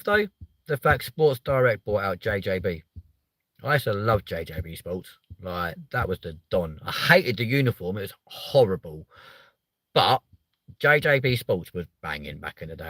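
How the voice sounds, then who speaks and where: A young man hosting a livestream, chatting in a rambling, sweary way that jumps up in pitch when he gets riled. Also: a bit bright, no echo. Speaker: livestream host. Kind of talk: casual livestream chat.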